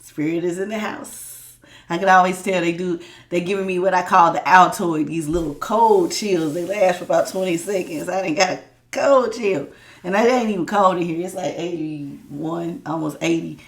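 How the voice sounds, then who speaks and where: A woman's voice: lowish voice, normal speed. A woman from the South, doing a chatty tarot reading while sick with a sore throat. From Southern United States. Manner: chatty, folksy, calls listeners y'all and baby. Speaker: tarot reader. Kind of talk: casual spiritual reading.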